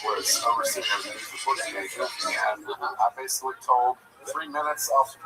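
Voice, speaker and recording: A man's voice: medium pitch, moderate pace, recorded from a distance, loud music behind the voice, poor audio. A man in his fifties from Georgia, a guest comedian telling a joke and talking about starting stand-up in a loose, rambling way. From Georgia, USA. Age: 50s.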